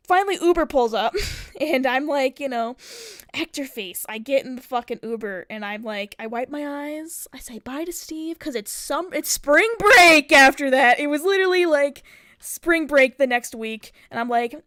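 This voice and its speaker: A woman's voice: high voice, a little fast, a bit bright, dry recording, studio quality. A young woman streamer telling a long story in casual chat, rambling, swearing and acting out what people said. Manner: swearing, rambling, acts out quotes.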